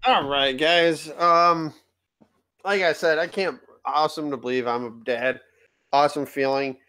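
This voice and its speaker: A man's voice: fairly high pitch, steady tone, a little slow, bright, forceful tone. A young man, a new dad, co-hosting a casual podcast, ranting in an exasperated way and at times keeping his voice down. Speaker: podcast co-host.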